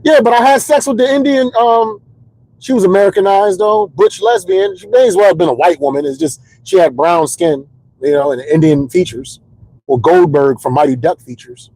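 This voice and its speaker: A man's voice: high-pitched, moderate pace, warm tone, no echo, low-quality recording. A stand-up comedian telling candid, rambling comedic stories in casual chat, repeating words as he builds the jokes.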